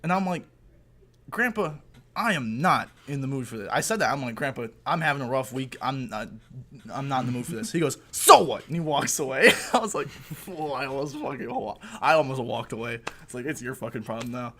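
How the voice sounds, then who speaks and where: A young man co-hosting a podcast, telling a story in a casual, animated way, swearing and laughing as he goes. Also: medium pitch, a little fast. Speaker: podcast co-host. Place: indoor recording room.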